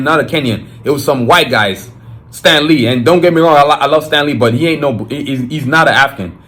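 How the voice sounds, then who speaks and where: A man's voice: a little high, sharp tone, a little hiss or hum. A man with a Nigerian accent, hosting his podcast in an emphatic, fired-up solo monologue with frequent restarts. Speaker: podcast host.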